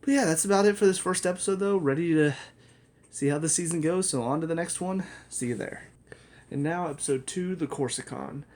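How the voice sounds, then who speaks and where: A man's voice: fairly high pitch, brisk, a little mellow. A man giving a casual spoken review of a TV show, rambling, correcting himself and laughing often.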